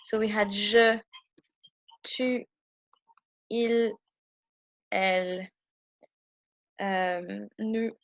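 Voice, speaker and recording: A woman teaches French grammar in a casual, patient way, stopping often for ums and restarts as she works through her whiteboard. Her voice sits at a middle pitch and sounds close and dry, with a slightly muffled, dull tone to the recording. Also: steady tone, drawn-out words, pauses often, no room sound. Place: indoor room with a whiteboard.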